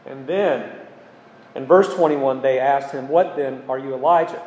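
A man preaching an expository sermon, earnest and emphatic, pausing with ums as he explains scripture. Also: fairly high pitch, darkish tone. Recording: echoey hall with long reverb.

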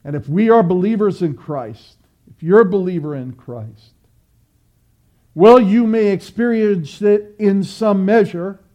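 A man's voice: high-pitched, mellow, highs cut off. A man preaching a sermon, earnest and exhorting, building through repeated phrases.

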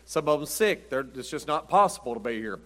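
A man's voice: fairly high pitch, lively intonation, fairly quick, sharp tone. A man, preaching a folksy Wednesday night sermon as pastor, chuckling as he tells down-home stories. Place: church sanctuary. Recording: church sanctuary with long reverb.

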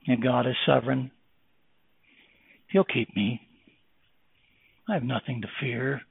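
A man preaching a sermon, moving from slow, hushed words to loud, fervent exhortation. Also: mid-range voice, creaky, slightly rough, no room sound. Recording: tinny phone-like, dry.

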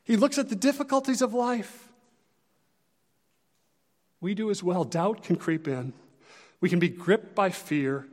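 A man preaching a sermon as pastor, earnest and conversational, rising and dropping in loudness to press his points. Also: high voice, a little slow, long pauses, in a large hall.

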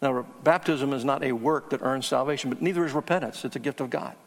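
A man's voice: medium pitch, fast talker, long reverb tail. A man preaching a teaching sermon, earnest and emphatic on key words. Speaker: pastor.

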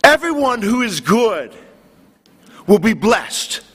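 A man's voice: high voice, sing-song, takes it slowly, fairly bright tone, husky. A man preaching a sermon, earnest and building in intensity. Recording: long hall reverb.

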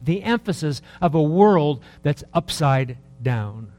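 Lively sixty-something male preacher. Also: a little high, takes it slowly, muffled recording, faint music behind. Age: 60s. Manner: conversational, rambling, with rhetorical questions; lively, swings between soft asides and raised emphasis. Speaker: pastor. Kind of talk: sermon.

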